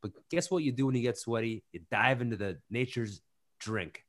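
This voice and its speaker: A man hosting a casual chat with a lively, swooping pitch. He talks in a playful, animated way, repeating phrases for comic effect. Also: moderate pace. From New Jersey. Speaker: podcast host.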